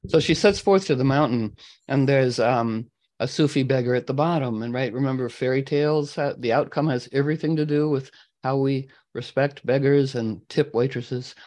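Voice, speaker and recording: A man retelling a fairy tale to a group in a meandering way, often clearing his throat. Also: mid-range voice, moderate pace, a little mellow, rough recording. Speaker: astrology talk host. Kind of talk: storytelling to a group.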